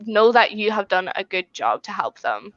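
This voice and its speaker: Bright-voiced woman giving step-by-step advice. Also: mid-range voice, moderate pace, no room sound, muffled recording. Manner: calm, step-by-step instructions. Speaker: podcast panelist.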